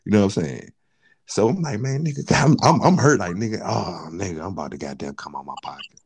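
A man's voice: lowish voice, animated, fast talker, husky. A man telling a long, profane story in casual chat, acting out the quotes of the people in it.

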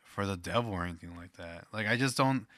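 A man's voice: low-pitched, fast, sharp tone, dry recording. A young man in casual podcast chat, loose and full of fillers. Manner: loose, filler-heavy, laughs easily.

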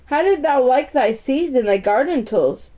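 Lady reading as a chatty housemaid, homely, a bit higher voice, dull muffled audio. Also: lively intonation, normal speed, dark tone. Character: cheerful young Yorkshire housemaid. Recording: muffled lo-fi recording.

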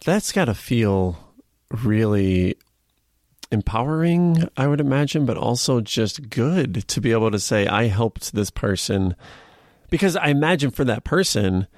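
A man's voice: animated, measured pace, a little mellow, no room sound, studio quality. A man hosting a podcast interview, talking in a rambling, eager way with many restarts. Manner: rambling, restarts, often rises in pitch when eager. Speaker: podcast host.

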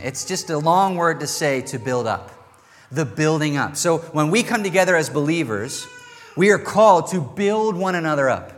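Man preaching in an echoing hall. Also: fairly high pitch. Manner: animated, emphatic preaching with rising bursts. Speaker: pastor. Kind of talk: sermon. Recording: long reverb in a large hall.

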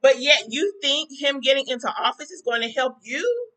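A woman's voice: high voice, expressive, normal speed, pushed and bright, low-quality recording. A woman hosting a talk podcast, giving fired-up, preachy commentary to her listeners. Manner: preachy, fired-up, talks straight to listeners as y'all. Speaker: podcast host. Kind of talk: casual commentary to a live chat.

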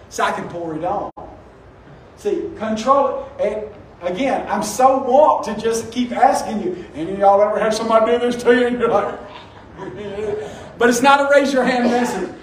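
A man, a pastor, preaching an animated sermon and acting out quotes with rising emphasis. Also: high-pitched, normal speed, reverberant, far from the mic, slight background noise, rough recording. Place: church sanctuary.

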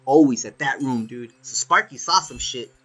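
A man's voice: mid-range voice, moderate pace, husky, faint music behind. A man telling a story in casual chat, swearing freely and saying "dude" all the time. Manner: swears a lot, animated, says "dude" often.

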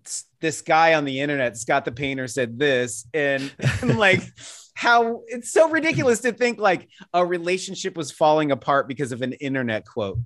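A man talking as an interview guest in a casual podcast conversation, telling rambling anecdotes full of tangents, laughing as he goes and acting out other people's lines in a higher voice. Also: animated, normal speed, a bit bright. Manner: rambling storyteller who drifts into tangents; acts out quoted people with jumps in pitch.

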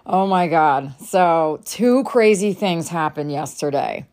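A woman hosting her own podcast talks through a personal story in a loose, chatty way, filling her sentences with "like". Her voice sits a little low, and she takes her time. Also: lively intonation, slow, a little mellow. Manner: chatty, frequent "like" fillers, laughs between lines. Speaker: podcast host. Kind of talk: casual storytelling monologue.

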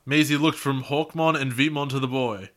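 A man reads a story aloud on a podcast, his voice bright and forward in tone. He teases his co-host and laughs mid-sentence, keeping things loose. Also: mid-range voice, steady tone, moderate pace. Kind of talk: reading a story aloud with banter.

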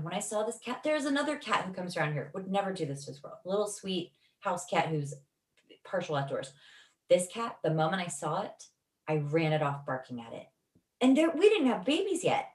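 Emotional, profane woman telling a story. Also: medium pitch. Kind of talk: casual spoken storytelling. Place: Los Angeles. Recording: echoey room, distant from mic.

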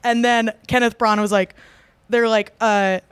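Chatty woman with a smooth voice. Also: fairly high pitch, little pitch movement, moderate pace, fairly bright tone, no room sound. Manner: rambling, many fillers and restarts. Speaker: podcast co-host. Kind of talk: casual chat.

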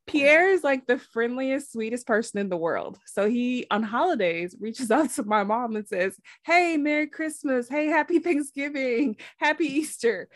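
A woman's voice: high-pitched, moderate pace, few pauses, dry recording, studio quality. A woman hosting a podcast in casual chat, telling stories with lots of laughter and acted-out quotes. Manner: animated storyteller, laughs often, acts out quotes. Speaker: podcast host.

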